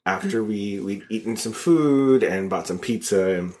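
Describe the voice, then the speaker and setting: A man's voice: fairly low pitch, lively intonation, measured pace, a little mellow. A young man co-hosting a podcast, in casual chat, a little wheezy, rambling with restarts and easy laughs. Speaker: podcast co-host.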